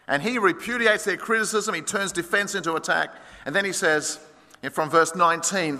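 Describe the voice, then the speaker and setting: A man preaching an expository sermon, storytelling with dramatic swings between loud and hushed delivery. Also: on the high side, brisk. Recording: long hall reverb.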